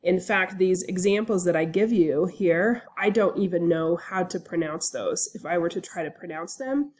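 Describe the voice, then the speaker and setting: A woman university instructor giving a casual recorded online lecture, relaxed and chatty with frequent fillers. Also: on the low side, normal speed.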